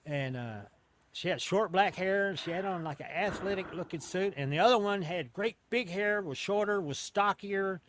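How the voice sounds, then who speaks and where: A man's voice: high-pitched, moderate pace, fairly bright tone, a little hiss or hum. A man as an interview guest, telling a long story in a casual, rambling way, with many restarts and casual swearing. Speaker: interview guest recounting an encounter.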